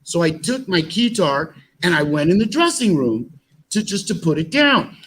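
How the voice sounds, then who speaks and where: Brief: talkative man guest, fairly high voice, rambling storyteller, faint hiss behind. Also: very animated, moderate pace, fairly bright tone, poor audio. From United States. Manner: rambling, with many fillers and restarts. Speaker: actor and musician guest. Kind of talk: animated storytelling in an interview.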